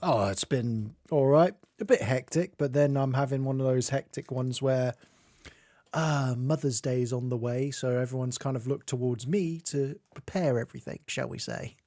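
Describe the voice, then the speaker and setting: A man's voice: medium pitch, normal speed, warm tone, no echo, studio quality. A Scottish man hosting a casual chat stream, joking and laughing at himself as he talks. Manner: jokey and self-mocking, laughs often. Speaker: streamer host.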